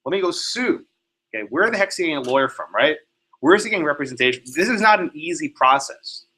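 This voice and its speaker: Man lecturing law students in a classroom, bright and pointed, keeps checking in with "okay?". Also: fairly high pitch, animated, quick pace, husky, rough recording. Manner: questions students by name, frequent "right?" and "okay?". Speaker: law professor.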